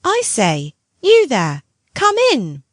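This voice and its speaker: A woman voicing a clever, charming young boy with a bright, teasing way of talking in an audiobook. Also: on the high side, huge pitch swings, takes it slowly, no echo, studio quality, pitched above the performer's own voice, heavily acted. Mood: cheerful.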